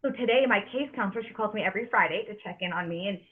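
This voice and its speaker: A woman in her thirties hosting a casual podcast, earnest and emphatic, stumbling over repeated words as she presses her point. Her voice sits at an ordinary pitch. The sound is thin and tinny, like it is coming down a phone line. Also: quick pace. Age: 30s. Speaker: podcast host.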